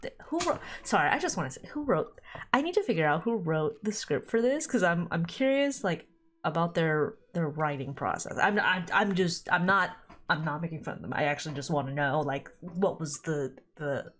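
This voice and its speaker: Giggly young woman streamer, lively pitch. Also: moderate pace. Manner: giggly, rambling, often breaks into high laughter. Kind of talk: let's play commentary, reading game dialogue aloud.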